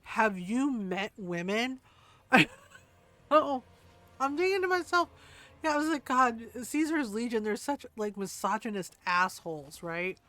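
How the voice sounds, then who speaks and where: A chatty woman streaming a game and telling stories as she plays, breaking into laughter and mimicking the people she quotes. Her voice sits a little high, and the sound is close and dry. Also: a little slow, pushed and bright, no room sound. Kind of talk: casual chat while gaming.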